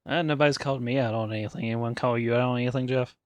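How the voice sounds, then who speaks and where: A man's voice: medium pitch, fairly even intonation, rapid-fire, no echo. Male podcast host, foul-mouthed, joking, mid-range voice, dry sound. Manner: profane, wisecracking. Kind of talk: casual podcast chat.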